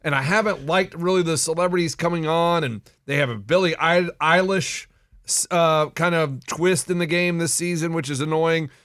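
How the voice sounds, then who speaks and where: A man co-hosting a radio morning show, gushing excitedly as he recaps things. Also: a little high, moderate pace, dry recording, studio quality. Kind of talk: casual morning show banter.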